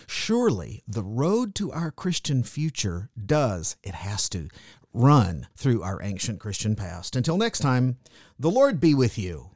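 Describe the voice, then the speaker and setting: A man's voice: medium pitch, wildly swooping pitch, unhurried, darkish tone. A man, a pastor, hosting a Christian radio talk show in an affirming pastoral manner.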